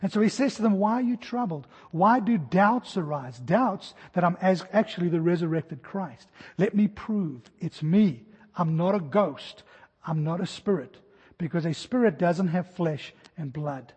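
A man in his forties preaching an expository sermon, animated, acting out the jumps and shouts of his stories. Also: sits high, measured pace, breathy edge, long reverb tail. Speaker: pastor.

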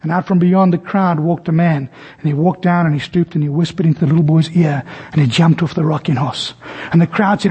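A man's voice: on the high side, fairly even intonation, brisk, darkish tone, breathy edge. A man preaching a sermon, telling stories and acting out the voices in them. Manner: storytelling, acts out voices in anecdotes. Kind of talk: sermon with illustrations.

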